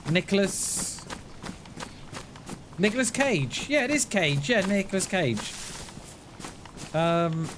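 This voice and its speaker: A man's voice: high-pitched, very animated, slow pace, long pauses, background noise. A man chatting casually while live streaming a game, laughing often and calling his viewers mate. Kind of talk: live gameplay stream chat.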